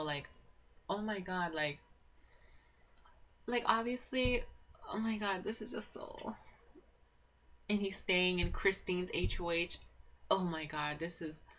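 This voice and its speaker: Young woman gushing and cursing thru a show recap, lowish voice, kinda muffled lo-fi sound. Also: slow pace, pauses often, slight background noise. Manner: excitable, swears a lot, full of "like" and "oh my God". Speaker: reality show recap vlogger. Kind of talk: casual gossipy recap. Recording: dull lo-fi home recording.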